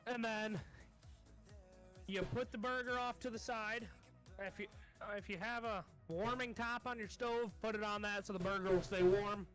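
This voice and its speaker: A woman's voice: medium pitch, steady tone, normal speed, faint music behind. A woman playing a tabletop game who talks in a crude, profane, joking way during casual chat. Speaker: player.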